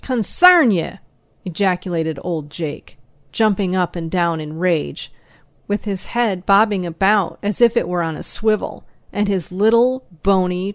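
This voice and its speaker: A woman reading a first-person story aloud as an audiobook narrator, slow, even and measured. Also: medium pitch, no room sound.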